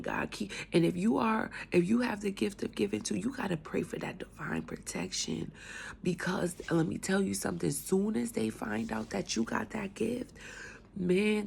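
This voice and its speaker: A woman with a cold telling her faith testimony in a casual, animated way, moving between loud outbursts and hushed whispers. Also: on the low side, vocal fry, slight background noise. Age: adult with a young son. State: has a cold, coughing. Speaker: speaker sharing her testimony.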